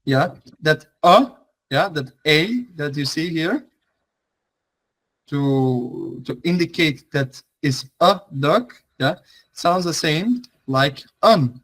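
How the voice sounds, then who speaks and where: Young male teacher, online class, slightly high voice, slow, rambling delivery. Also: lively intonation, fairly bright tone, poor audio. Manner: chatty, loose, frequent fillers and restarts. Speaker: language teacher.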